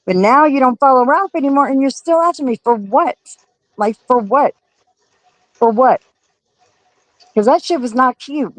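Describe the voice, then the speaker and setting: A woman livestreamer with a somewhat high voice rants at her chat, cursing freely and calling people out. The sound is dry and close, with almost no room around her. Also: dry recording, poor audio. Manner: profane, confrontational, scolding. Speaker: livestream host. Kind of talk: heated livestream rant to chat.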